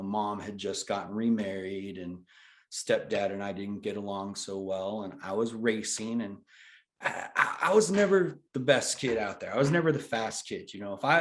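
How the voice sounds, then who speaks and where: A man in his forties, a guest telling his story in an animated, casual way. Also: on the low side. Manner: animated, swears then apologizes. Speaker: interview guest, brand founder.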